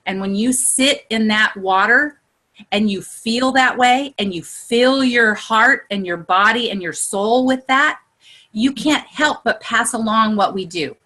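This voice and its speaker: A woman with a higher, bright and forceful voice coaches a group over a video call. She talks with eager, earnest energy that builds into a heartfelt pep talk, and her voice shoots up whenever she gets excited. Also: measured pace. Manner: excitable, voice rises high when excited. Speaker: group leader.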